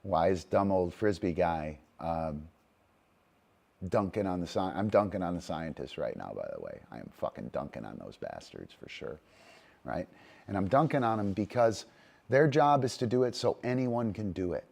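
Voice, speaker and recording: A man's voice: sits low, lively intonation, normal speed, creaky, darkish tone. Rambling man who keeps asking "right?". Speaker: dog trainer host. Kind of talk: casual monologue.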